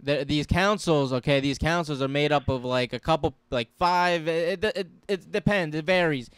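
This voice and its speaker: Smooth-voiced, eager union man. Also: fairly high pitch, normal speed, no room sound. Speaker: union representative guest. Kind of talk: casual podcast chat.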